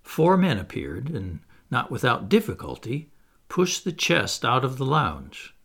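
A man narrating a classic novel in the first person as an audiobook, in a measured, expressive storytelling manner. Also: medium pitch.

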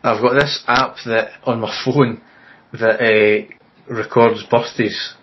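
A man's voice: mid-range voice, little pitch movement, slow. A Scottish man co-hosting a football podcast, joking and laughing often and restarting his lines. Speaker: podcast co-host. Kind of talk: casual football podcast banter. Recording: dull lo-fi audio with faint noise.

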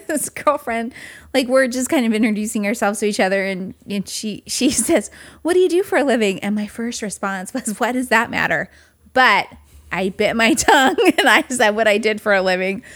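A woman's voice: medium pitch, animated, normal speed, a bit bright. A woman co-hosting a podcast in casual chat, laughing often and reacting with short quips. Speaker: podcast co-host.

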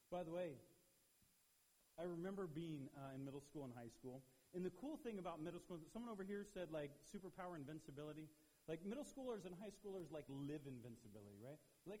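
A man preaching a youth sermon in an animated way, acting out the people he quotes, with a husky voice. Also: on the high side, fairly quick. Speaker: youth pastor. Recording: long hall reverb.

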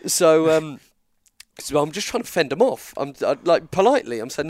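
A man's voice: on the high side, fast talker, dry recording, clean studio sound. An English man telling a long story in casual chat, acting out the lines of the people in it. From England. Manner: animated, acts out dialogue in quotes. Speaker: guest storyteller.

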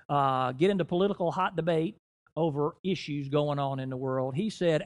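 The middle-aged man is a guest preacher giving a church sermon in a voice on the high side. Key phrases get stressed by slowing down, while his volume climbs and falls.

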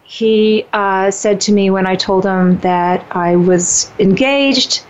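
A woman in her fifties talking casually about dating and relationships, animated and emphatic, often restarting her sentences. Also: mid-range voice, slow, clean tone. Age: 50s. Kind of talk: casual conversation. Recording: dull lo-fi sound.

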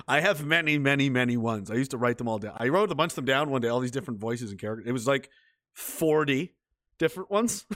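A man's voice: medium pitch, animated, a bit bright, no room sound, clean studio sound. A man from Canada hosting a livestream, reading chat messages aloud and riffing in casual, profane commentary. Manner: swears freely, jumps from mocking rants to quick chat replies.

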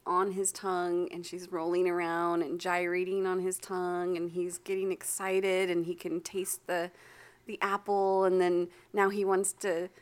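A woman's voice: fairly low pitch, level tone, a little slow, smooth. A woman co-hosting a podcast, chatting casually and gushing about a story she loves. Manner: gushing, enthusiastic. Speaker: podcast co-host. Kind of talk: casual chat.

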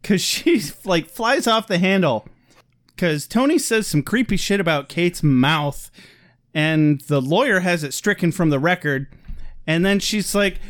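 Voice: mid-range voice, expressive, no room sound, studio quality. A podcast co-host recapping a TV episode in casual, joking chat. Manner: joking, playful, quick to laugh.

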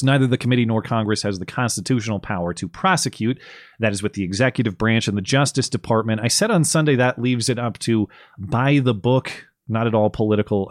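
A man's voice: lowish voice, no echo. Dry, wry male podcast host. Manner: sarcastic, wry, casual. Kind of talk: political commentary podcast.

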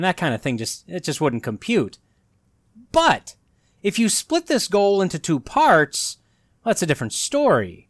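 A man's voice: mid-range voice, dry recording, studio quality. A man hosting a solo commentary podcast, talking with sarcastic, mocking asides. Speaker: podcast host.

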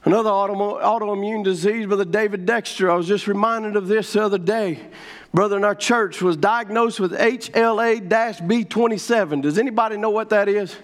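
A middle-aged man preaching with a drawl and a strikingly high voice. He builds fervently into shouted declarations before dropping back to a plainer storytelling tone. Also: a little fast. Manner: fervent, shouting, rising to proclamations. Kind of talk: revival sermon.

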